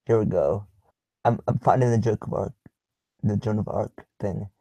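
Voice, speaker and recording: A man's voice: lowish voice, normal speed, dark tone, husky, no room sound. A young man hosting a casual livestream, reading chat questions aloud and answering in a rambling, blunt way full of ums and swearing. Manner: rambling, filler-heavy, blunt and profane.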